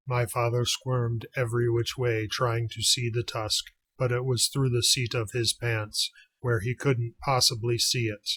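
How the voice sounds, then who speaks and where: A man reading a children's book aloud, narrating in a steady, plain storytelling way. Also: medium pitch, measured pace, husky. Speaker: audiobook reader.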